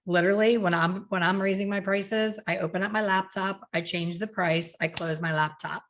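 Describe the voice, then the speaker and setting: A woman hosting a casual podcast conversation, a lively storyteller who acts out quotes. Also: medium pitch, normal speed. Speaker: podcast host, hair color educator.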